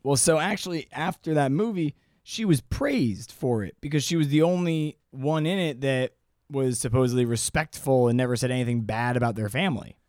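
A man's voice: medium pitch, normal speed, a little mellow, no echo. Chatty swearing man on a dry mic. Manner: chatty, swears freely, retells stories. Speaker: podcast co-host. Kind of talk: casual chat.

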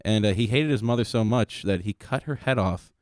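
A man with a fairly low voice chatting on a podcast, easygoing and a little halting, with deadpan jokes. The recording is dry and close with no room echo. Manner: laid-back, hesitant, dry joking. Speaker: podcast co-host. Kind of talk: casual chat.

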